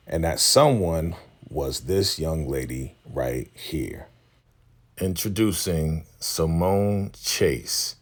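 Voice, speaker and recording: Man, very low and gravelly, casual TV recap vlogger, loose conversational retelling. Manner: retells scenes conversationally, quoting characters loosely.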